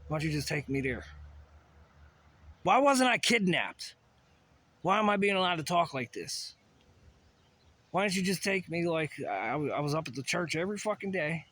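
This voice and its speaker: A man's voice: fairly high pitch, lively intonation, fairly quick, fairly bright tone. A man ranting in a rambling solo monologue, profane and agitated, full of asides and restarts. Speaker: vlogger.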